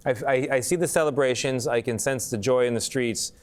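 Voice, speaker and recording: A man anchoring live news coverage, introducing guests and asking questions in a measured, polite way. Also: mid-range voice.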